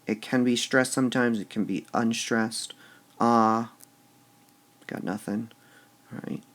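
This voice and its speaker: A man's voice: medium pitch, steady tone, slow pace, fairly bright tone. A man teaching a recorded lesson on poetic meter. He goes step by step, says "all right" often between steps, and repeats words with shifting stress to show the beat.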